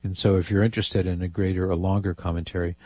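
A man hosts a call-in radio show, reading listener emails aloud and dropping amused asides. His voice sits low with a husky edge. The studio sound is dry and close. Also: level tone, fast, dark tone, dry recording. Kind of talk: casual call-in radio talk.

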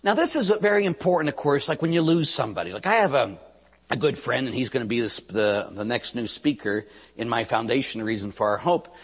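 Husky priest preaching in a reverberant hall. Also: male voice, mid-range voice, animated, fairly quick. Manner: storytelling, acts out quotes, asks the audience "Huh?". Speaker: Catholic priest. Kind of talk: preaching sermon.

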